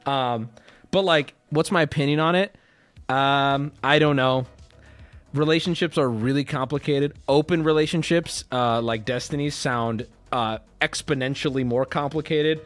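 A man's voice: medium pitch, moderate pace, soft background music. A man chatting casually and rambling on a live stream, swearing often. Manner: rambling, profane, animated.

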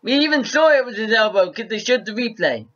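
A male football vlogger giving a casual, rambling match review to camera, excitable and often repeating himself. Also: high-pitched, brisk, dull audio.

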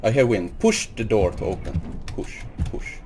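A man's voice: on the low side, huge pitch swings, unhurried, a little mellow, a little hiss or hum. A man hosting a horror game playthrough, jumpy and nervous, repeating greetings and swearing when startled while claiming he is not scared. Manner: keeps insisting he is not scared. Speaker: gaming video host. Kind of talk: horror game let's play commentary.

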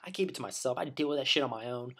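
A man's voice: mid-range voice, expressive, racing, noisy background. A man delivering a rambling, profane opinion rant as a vlogger, full of restarts and blunt insults.

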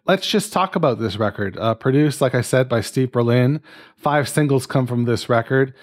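A man's voice: mid-range voice, normal speed. A man from Canada hosting a casual music podcast, chatty and jokey as he leads his friends through the discussion. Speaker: podcast host.

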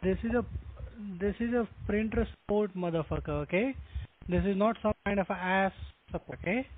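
A man's voice: high voice, a little fast. A man working as a phone scammer who grows exasperated and keeps repeating "sir". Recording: tinny phone line with faint noise.

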